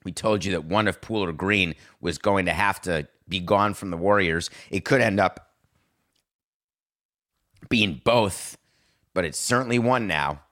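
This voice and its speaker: A middle-aged man hosting a sports talk show, animated and sarcastic, slipping into mocking voices. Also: sits low, normal speed. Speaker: podcast host.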